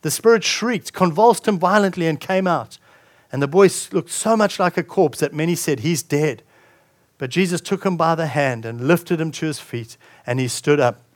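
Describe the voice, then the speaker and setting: A man's voice: on the high side, normal speed. A male pastor preaching a sermon, reading scripture aloud and commenting on it with frequent restarts.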